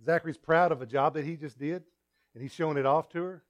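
Here a male pastor with a fairly high pitch talks quickly through a sermon, telling stories conversationally and turning to the congregation with asides. His delivery lurches from loud emphasis to quiet remarks, and the recording has a lo-fi sound.

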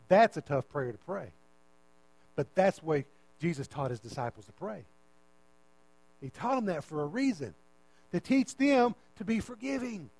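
High-voiced man preaching with rising emphasis. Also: lively intonation, moderate pace, gravelly, pauses often, dry recording, poor audio. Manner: preaching with big swings in pitch and loudness, repeating words for emphasis. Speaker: pastor. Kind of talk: sermon.

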